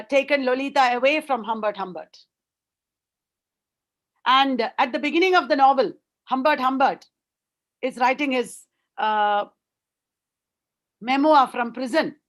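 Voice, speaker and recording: Woman lecturer, high voice, earnest explanatory webinar delivery. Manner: earnest, explanatory, repeats words for emphasis.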